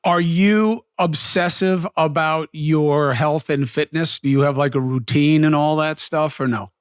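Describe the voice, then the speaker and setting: A man's voice: on the high side, fairly even intonation, unhurried, smooth, no echo, studio quality. A man hosting a casual interview, chatty and conversational, telling stories with lots of fillers. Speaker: host.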